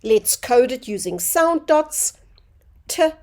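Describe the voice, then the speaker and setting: A woman teaching a phonics lesson to young children, sounding out words slowly and clearly. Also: fairly high pitch, sing-song, a little mellow.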